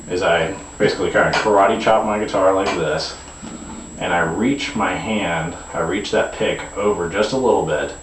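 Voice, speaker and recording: A man giving a guitar lesson, explaining in a relaxed way with frequent fillers and restarts. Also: low voice, a little hiss or hum. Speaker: guitar teacher. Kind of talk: demonstration lesson. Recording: echoey room, camera mic from a distance.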